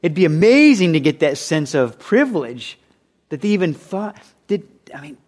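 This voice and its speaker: Animated man preaching a sermon. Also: on the high side, normal speed. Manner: animated, acts out quoted voices. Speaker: pastor.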